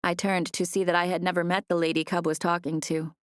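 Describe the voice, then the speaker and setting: Low-voiced woman narrating an audiobook. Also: flat delivery, fairly quick, clear, resonant tone, no echo, clean studio sound. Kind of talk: scripted first-person narration. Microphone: close studio mic.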